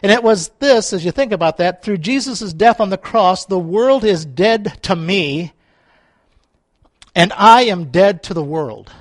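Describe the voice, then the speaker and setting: Man, pastor, high voice, dry close sound, chatty sermon with playful asides. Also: dry recording. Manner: conversational preaching, playful asides with laughs.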